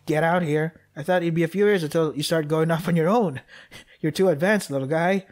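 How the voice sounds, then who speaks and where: A young man commentating his gameplay, joking, excitable, and talking to the characters on screen. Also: a little high, normal speed. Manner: joking, excitable, talks to the game characters, laughs often. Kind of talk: let's play commentary.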